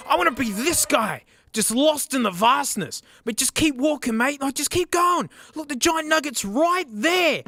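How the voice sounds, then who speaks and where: Lively, bright-voiced Australian man. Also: sits high. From South Australia. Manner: excitable, joking, peppered with "mate". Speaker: vlogger. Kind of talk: comedic thrift-store vlog narration.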